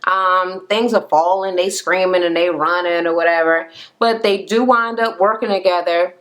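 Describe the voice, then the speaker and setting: A woman's voice: lowish voice, fairly even intonation, moderate pace, fairly bright tone. A woman giving a casual, profane rant as she recaps a reality show. She talks bluntly and keeps the story moving. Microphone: camera-mounted recording setup.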